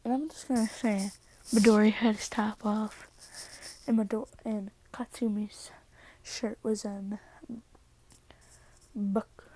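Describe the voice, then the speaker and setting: A woman casually improvising a fan fiction story, hesitant, with many fillers and long pauses, sometimes dropping to a whisper. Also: mid-range voice, dark tone, rough recording.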